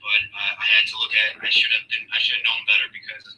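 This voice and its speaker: A man's voice: fairly low pitch, monotone, quick pace, pushed and bright, recorded from a distance, low-quality recording. A married man on a debate panel, apologetic and stammering as he explains himself.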